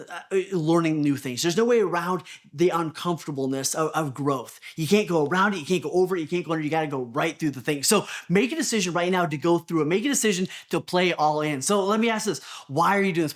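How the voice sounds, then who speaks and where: A man coaching real estate agents in a motivational talk, earnest, often repeating words and asking the listener questions. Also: a little high. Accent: Texan. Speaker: business coach.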